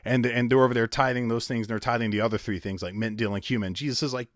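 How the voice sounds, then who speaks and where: A man's voice: medium pitch, steady tone, fast talker, hardly any pauses, no echo, clean studio sound. A man teaching the Bible in a casual video, rambling and conversational with many asides and fillers. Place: at home with his wife behind the camera.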